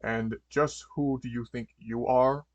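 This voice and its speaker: A menacing electric-powered supervillain barks orders and sneers at his foes, voiced by a man reading a fan story aloud. He leans loud and blunt, close and dry, with a stumbling, repetitive delivery. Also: mid-range voice, steady tone, slow, no echo, muffled recording, lightly acted. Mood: taunting. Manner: barking, threatening, repeats himself.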